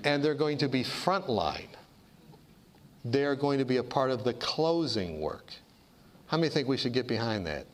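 A man preaching a sermon to a congregation, animated and rhetorical, calling for amens and asking questions of the crowd. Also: medium pitch, moderate pace, long pauses. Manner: animated, rhetorical call-and-response with the audience. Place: church hall before a congregation.

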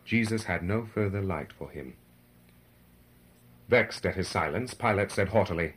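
A man's voice: sits low, moderate pace, pauses often, a bit bright, poor audio. A man giving a solemn, dramatic reading of a devotional narrative, rising in force for the crowd's cries. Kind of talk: scripted narration of a devotional book.

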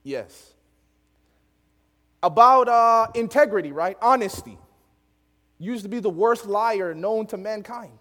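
Animated preacher in an echoing hall. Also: male voice, high voice, a little slow, long pauses. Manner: animated, laughs often, acts out voices in the story. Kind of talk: storytelling sermon.

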